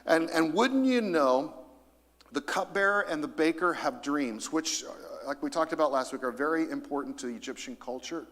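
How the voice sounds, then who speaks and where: A middle-aged man preaching a sermon in a church, lively and emphatic, calling out to the congregation for responses. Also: on the high side, moderate pace. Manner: lively, rising to emphasis, calls for audience responses. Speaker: pastor. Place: church auditorium. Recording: long hall reverb.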